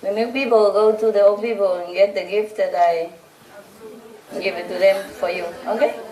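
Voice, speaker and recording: A woman's voice: mid-range voice, steady tone, normal speed, mellow. A woman spiritual teacher giving an informal, teasing talk to a group of followers, laughing often. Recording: roomy hall, voice from a distant mic. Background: audience laughing.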